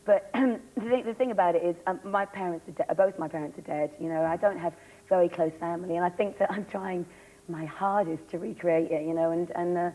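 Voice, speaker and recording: Actress chatting fast on an old tv show, bit hoarse, lowish voice, faint hiss. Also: female voice, steady tone, mellow, rough recording. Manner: rambling, giggly, fast storyteller. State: slightly hoarse voice. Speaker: guest actress. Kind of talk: chatty talk-show interview.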